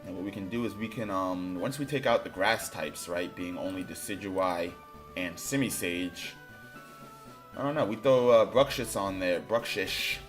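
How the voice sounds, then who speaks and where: A man streaming a game, thinking out loud in a loose, rambling way and now and then bursting into loud excitement. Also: low-pitched, normal speed, faint music behind. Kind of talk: casual game commentary.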